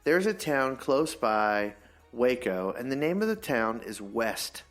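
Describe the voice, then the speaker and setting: A man's voice: medium pitch, slow, soft background music. Joking man co-hosting a podcast. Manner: joking, teasing, animated storyteller. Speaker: podcast co-host. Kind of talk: casual chat.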